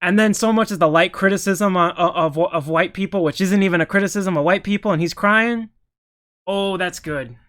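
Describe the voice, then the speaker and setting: A man with a notably high-pitched voice delivers casual political commentary, reacting to news pieces. He talks in an opinionated, heated way and keeps breaking off to restart his sentences. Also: normal speed, fairly bright tone.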